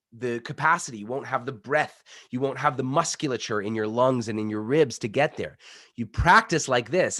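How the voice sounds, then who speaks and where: A man coaching public speaking, energetic and demonstrative, while he is sick. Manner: energetic, demonstrative, shifts between loud pitch demos and quieter explanation. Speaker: pitch coach. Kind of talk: coaching workshop talk.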